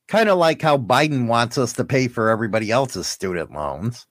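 Here a man co-hosts a loose, joking podcast chat, cursing freely as he goes. His mid-range voice is animated and a bit bright, moving at a moderate pace with hardly any pauses. It's a dry recording made on a studio mic with headphones.

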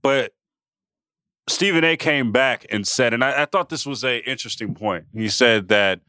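A man's voice: medium pitch, normal speed, bright, forceful tone, clear, resonant tone, no room sound, clean studio sound. A man co-hosting a sports podcast, chatting loosely and trailing off with fillers. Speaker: podcast co-host. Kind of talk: casual sports chat.

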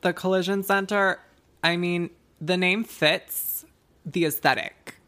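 A woman's voice: lowish voice, steady tone, slow pace, a bit bright. A young woman co-hosting a casual couple's podcast, blunt and teasing, with plenty of swearing. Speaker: podcast co-host.

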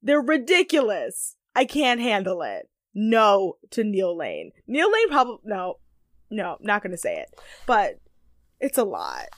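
Animated young woman, dry close sound. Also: medium pitch, measured pace, dry recording. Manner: animated, laughing, playful emphasis. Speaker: podcast co-host. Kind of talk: casual recap chat.

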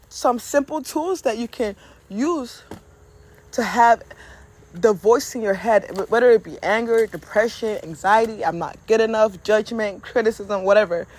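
A candid, conversational voice giving casual motivational advice to camera. The speaker talks to listeners directly and familiarly, with a middling pitch. Now and then a blunt swear word slips into the talk. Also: moderate pace, long pauses. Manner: candid, conversational, with occasional profanity.

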